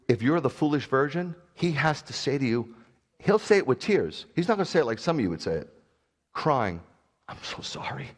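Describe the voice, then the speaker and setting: A middle-aged man preaching a sermon as pastor, animated and jokey, with sudden loud bursts. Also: on the low side.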